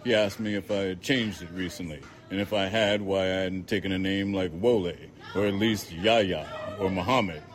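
A man narrates a novel in the first person, his voice sitting low and steady. His delivery is measured and dry, letting ironic lines land without extra push. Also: a little hiss or hum. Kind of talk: audiobook narration.

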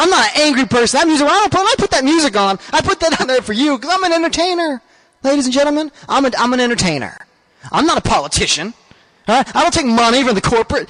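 A man's voice: very high-pitched, fairly bright tone, low-quality recording. A man hosting a show, delivering an emphatic, repetitive political rant to his listeners. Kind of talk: ranting political monologue.

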